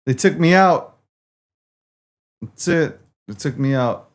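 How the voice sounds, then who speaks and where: A man's voice: mid-range voice, expressive, takes it slowly. A man hosting a livestream, talking casually to his viewers and swearing in exasperation as he repeats himself. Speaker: livestream host.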